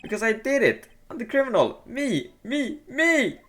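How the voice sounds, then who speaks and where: A man's voice: lowish voice, fairly even intonation, takes it slowly, faint music behind. A man voicing a jittery young man who begs to be found guilty, pleading and stammering.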